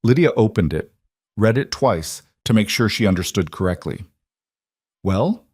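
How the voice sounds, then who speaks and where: Low-voiced male story narrator. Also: expressive, moderate pace, darkish tone, slightly rough, dry recording, studio quality.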